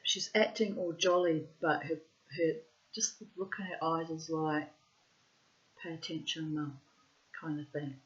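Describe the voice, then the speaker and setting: A woman's voice: low-pitched, normal speed. A woman telling a family story in a casual vlog, with dramatic, profane, self-assured storytelling and dull lo-fi audio.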